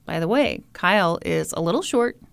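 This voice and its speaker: Lively woman telling a story. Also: fairly low pitch, moderate pace, gravelly, clean tone, dry recording. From Kansas City, Missouri. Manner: animated, jokey, quotes people in playful voices. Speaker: podcast co-host. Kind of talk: casual storytelling chat.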